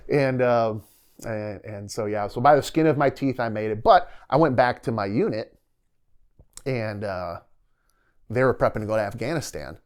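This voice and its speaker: A middle-aged man, a retired soldier, telling his story as a podcast guest in a casual, animated way, acting out what others said and laughing often. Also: lowish voice, fairly quick, clean tone. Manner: animated storyteller who acts out quoted dialogue and laughs often.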